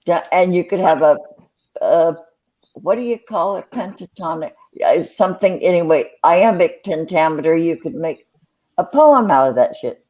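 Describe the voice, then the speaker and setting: A woman in a casual chat who rambles slowly and loses her words. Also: on the low side, animated, dark tone, low-quality recording. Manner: slow, rambling, fond of dogs.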